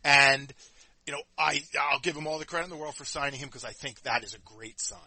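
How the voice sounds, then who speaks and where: A man's voice: on the high side, quick pace, pushed and bright. A man co-hosting a podcast, talking in a blunt, casual way and swearing freely. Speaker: podcast co-host. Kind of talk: casual wrestling talk.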